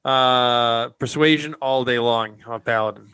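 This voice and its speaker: A man's voice: medium pitch, fairly even intonation, a little slow, sharp tone, smooth, no room sound. A man playing a paladin in a tabletop game, joking and boisterous. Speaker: player. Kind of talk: tabletop game play, casual chat.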